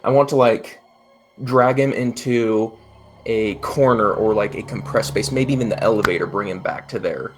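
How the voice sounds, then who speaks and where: A man's voice: lowish voice, normal speed, soft background music. A man playing in a tabletop game, talking out his character's actions in an intense way. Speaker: player. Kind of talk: tabletop role-play, in character.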